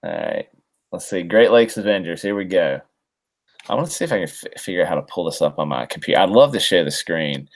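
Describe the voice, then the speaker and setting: This man speaks in a low, lively voice at a brisk clip while co-hosting a laid-back comics podcast. He recaps a story in casual chat, rambling along with plenty of ums, fillers, and restarts.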